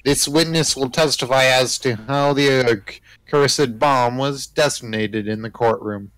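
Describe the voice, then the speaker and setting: A man's voice: mid-range voice, a little slow, fairly bright tone, dry recording, lightly acted, low-quality recording. A man voicing a haughty male prosecutor, reading the script aloud and stumbling over words. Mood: smug.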